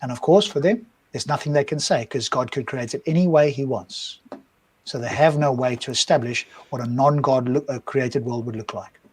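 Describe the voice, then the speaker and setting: A man co-hosts a casual live-stream discussion, pressing his argument through a string of rhetorical questions. His voice is medium-pitched and slightly rough, at a moderate pace.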